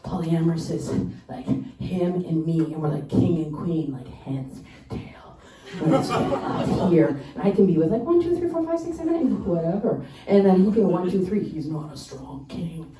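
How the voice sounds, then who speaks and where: A woman's voice: fairly low pitch, normal speed, background noise. Woman doing stand-up, roomy and distant. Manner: animated storytelling, acting out quotes in exaggerated voices. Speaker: stand-up comedian. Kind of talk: stand-up comedy set. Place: stage before a live audience. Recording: roomy live stage mic, distant, crowd laughter.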